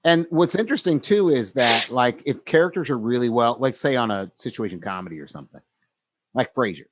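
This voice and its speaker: A man's voice: medium pitch, expressive, a little fast. A man co-hosting a casual podcast, talking reflectively with many fillers and restarts. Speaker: podcast co-host.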